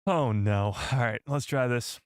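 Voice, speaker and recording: A man hosting a live stream, chatting with viewers in an excitable, joking way. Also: medium pitch, a little slow, a little hiss or hum. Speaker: livestream host.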